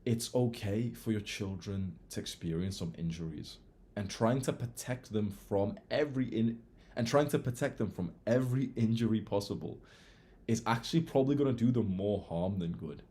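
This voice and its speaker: A man's voice: lowish voice, moderate pace. Blunt young man. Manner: blunt, swears freely, animated. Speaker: self-improvement creator. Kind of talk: casual monologue.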